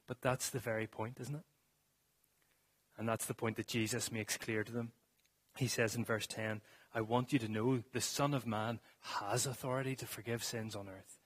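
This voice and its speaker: A man's voice: medium pitch, fairly even intonation, moderate pace, breathy edge. A man delivers a sermon in a church, speaking to the congregation in an earnest way. His voice sits in the middle range for a man. He sometimes restarts a phrase before pressing on. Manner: earnest, with some stumbles and restarts. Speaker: preacher.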